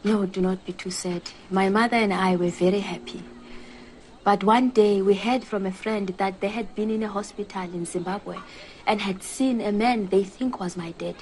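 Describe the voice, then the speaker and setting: A woman playing a soft-spoken Botswanan client. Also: medium pitch, fairly even intonation, moderate pace, slight background noise, lightly acted. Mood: earnest. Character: earnest woman client telling her troubles. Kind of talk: TV drama acting.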